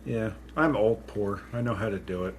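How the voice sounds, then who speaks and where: Co-hosting a casual podcast from home on a pink studio mic, a man talks through a movie with jokes and self-deprecation. His voice is fairly low at a moderate pace, with slight background noise.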